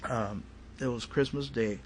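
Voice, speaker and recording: A man's voice: medium pitch, unhurried, slight background noise. A man, a paranormal investigator telling a story as a guest in a studio interview and acting out the family's lines. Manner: animated, acts out family dialogue. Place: radio studio.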